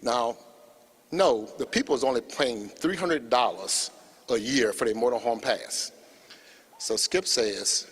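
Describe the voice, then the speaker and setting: A man stands at a podium microphone at a memorial service and tells a comic story about an old colleague. His voice is husky and mid-pitched. He builds the tale with energy and laughs along the way. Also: a little slow, long reverb tail. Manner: animated storyteller, laughing as he goes. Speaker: former colleague giving a eulogy. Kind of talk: humorous anecdote at a memorial.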